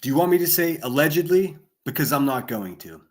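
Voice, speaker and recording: A man's voice: a little high, animated, brisk. Profane, fired-up man ranting live. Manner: profane, yelling bursts, sarcastic. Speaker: livestream host. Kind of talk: angry livestream rant. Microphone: desk microphone.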